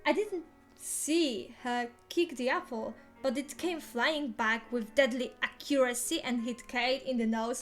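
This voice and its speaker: A woman's voice: high-pitched, unhurried, soft background music. A woman reading a novel aloud in the first person, playful and theatrical. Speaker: reader.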